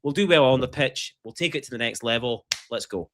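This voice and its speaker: A Scottish man co-hosting a podcast in casual chat, animated and joking, swearing freely. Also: mid-range voice, a little fast. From Scotland. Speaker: podcast co-host.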